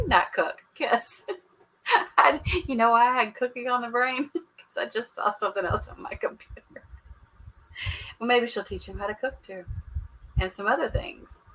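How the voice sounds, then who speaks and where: Bright, chatty woman teasing viewers. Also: mid-range voice, poor audio. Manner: chatty, teasing, laughs often, talks to viewers. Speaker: show reaction host. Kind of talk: casual live reaction chat.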